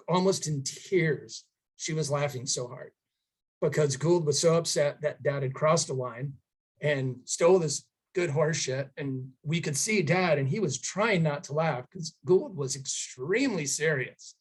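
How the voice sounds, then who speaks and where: A middle-aged man shares a family story at a tribute gathering, his voice a touch high for a man. He talks in a halting, heartfelt way, with many pauses and fillers, and sounds emotional throughout. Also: rough recording. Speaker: son giving a memorial tribute.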